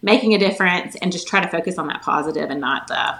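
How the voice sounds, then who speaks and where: Fast-talking Southern woman in her forties. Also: fairly low pitch, a bit bright, reverberant, slight background noise. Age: 40s. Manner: quick, chatty, lots of filler "like". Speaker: guest, holistic nutritionist. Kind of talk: casual podcast chat.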